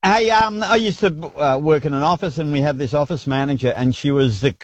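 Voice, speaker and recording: A man calling in with an anecdote, pausing on many ums. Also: fairly high pitch, no room sound, muffled recording. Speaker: caller. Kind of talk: phone-in anecdote.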